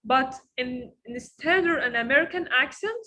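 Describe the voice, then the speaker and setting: A woman teaching English pronunciation online, with an Egyptian Arabic accent, drilling words slowly by repeating them and correcting students. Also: high voice, expressive, sharp tone, low-quality recording. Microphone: video call.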